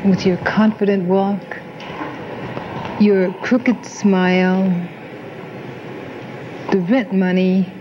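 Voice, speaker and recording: Female poet, very slow lingering recital, dull lo-fi recording with steady background noise. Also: medium pitch. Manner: measured, lingering phrasing. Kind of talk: spoken word poetry recitation.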